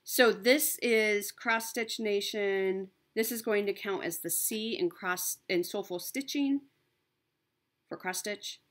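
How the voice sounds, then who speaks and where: A woman with a mid-range, somewhat bright voice talks at a slow pace in a casual cross stitch show-and-tell. She comes across as cheerful and chatty, with plenty of ums and self-corrections.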